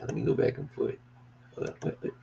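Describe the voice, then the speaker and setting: Talking briskly, a small business owner rambles through a behind-the-scenes vlog of his merch, hyped up and swearing now and then, with bursts of excited yelling. The highs in the recording are cut off, and there's a little hiss or hum.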